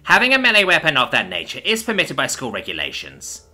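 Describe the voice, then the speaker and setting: A man's voice: on the high side, wildly swooping pitch, fast, pushed and bright, soft background music, exaggerated voice. A man voicing a strict, petty, rooster-like alien school prefect in a storybook reading. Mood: officious. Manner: stern, officious.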